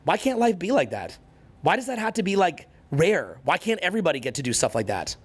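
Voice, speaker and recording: Man, 40s, motivational coach; slightly raised pitch, profane and relentless, repeats himself for emphasis. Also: big pitch swings, a little fast, husky. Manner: profane, intense and emphatic, hammering points through repetition. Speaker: social skills coach. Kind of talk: motivational talk to an audience.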